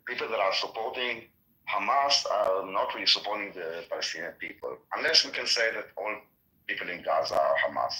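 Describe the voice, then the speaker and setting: Earnest halting man in an echoey room. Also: fairly low pitch, expressive, sharp tone. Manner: earnest, halting with many restarts. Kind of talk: casual political discussion.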